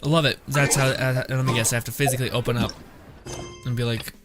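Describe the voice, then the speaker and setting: A man's voice: mid-range voice, fairly even intonation, fast talker, fairly bright tone. A man streaming a video game, rambling in loose, profane commentary and laughing often. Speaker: gaming streamer. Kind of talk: let's-play commentary. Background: faint game music.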